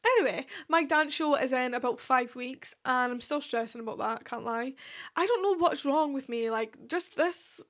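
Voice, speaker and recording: A woman's voice: sits high, moderate pace, a bit bright. A young woman in her twenties with a Scottish accent, hosting a casual solo podcast in a chatty, rambling way full of fillers and asides. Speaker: podcast host.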